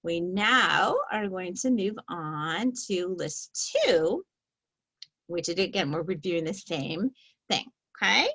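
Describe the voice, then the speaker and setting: A woman teaching a reading lesson, slowly stretching out the sounds of each word in a patient, clear way. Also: fairly low pitch, expressive, a bit bright. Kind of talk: slow, patient phonics lesson.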